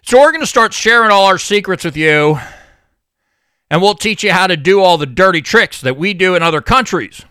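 A man's voice: high-pitched, animated, moderate pace, sharp tone, clear, resonant tone, dry recording. A man voicing a smug, chummy male intelligence agent in a sarcastic, buddy-buddy way.

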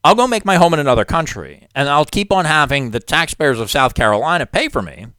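Man sending up a gloating woman moving abroad, smug and sing-song, lively pitch. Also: a little fast, clear, resonant tone, no echo, studio quality. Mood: mocking.

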